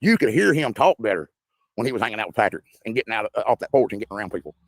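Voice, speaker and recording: A man's voice: fairly low pitch, big pitch swings, rapid-fire, dry recording, studio quality. A man giving insistent, preachy commentary as a guest, repeating his points. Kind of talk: impassioned commentary.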